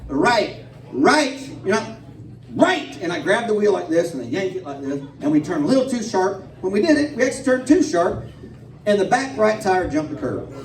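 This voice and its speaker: High-voiced male comic, profane and excitable, live in an echoey pub. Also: fairly quick. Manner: profane, excitable, laughing storyteller. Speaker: stand-up comedian. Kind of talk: stand-up storytelling. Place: pub stage, live show. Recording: echoey pub room, distant mic.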